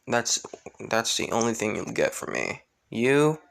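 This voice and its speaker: A man voicing a sinister masked villain in a spoken fan story, quiet and smoothly menacing. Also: lowish voice, sing-song, measured pace, exaggerated voice. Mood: cool. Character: sinister masked adult man, cold and manipulative.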